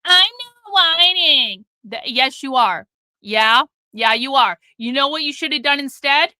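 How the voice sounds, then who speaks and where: A woman's voice: high-pitched, normal speed, sharp tone, no room sound. A middle-aged woman hosting a casual livestream, blunt and profane as she talks to her chat. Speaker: livestream host.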